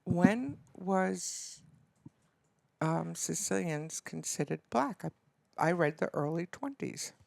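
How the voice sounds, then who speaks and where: A woman guest in casual chat, telling family stories in an animated way. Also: on the low side, takes it slowly, vocal fry, no echo. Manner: animated storyteller. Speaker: podcast guest.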